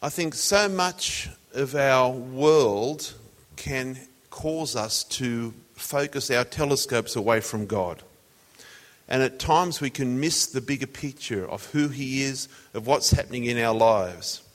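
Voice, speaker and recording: A man's voice: mid-range voice, slow pace. A man preaching a sermon in a conversational, storytelling way. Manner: conversational, tells jokes as illustrations. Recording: long hall reverb.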